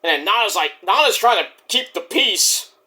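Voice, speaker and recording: A man giving a casual, rambling vlog review of a wrestling show, cursing freely and filling pauses with lots of "uh.". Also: high-pitched, expressive, pushed and bright. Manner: rambling, profane, many fillers.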